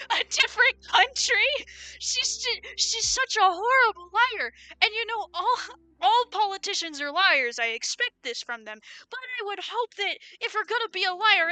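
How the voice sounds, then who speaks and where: A young American streamer with a high, pushed, bright voice and an American accent gives an opinionated, rambling livestream rant full of fillers. There's no echo.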